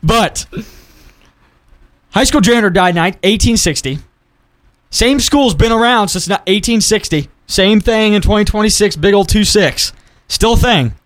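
A man's voice: sits high, expressive, measured pace, fairly bright tone. A man hosting a podcast, chatting casually and laughing often into a studio microphone. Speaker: podcast host. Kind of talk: casual chat.

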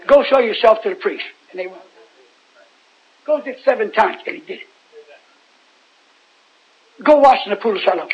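A man's voice: high-pitched, slightly rough. A man preaching an informal Bible sermon in a folksy, rambling way, often putting questions to his listeners. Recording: dull lo-fi recording.

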